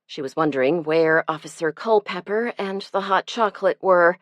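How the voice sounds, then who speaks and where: A woman narrating an audiobook in a measured, expressive storytelling way. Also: on the low side, dry recording.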